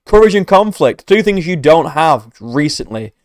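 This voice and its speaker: A man's voice: fairly high pitch, very animated, moderate pace, dry recording, studio quality, faint music behind. A man giving profane, mocking reaction commentary as an MMA commentator, ranting sarcastically.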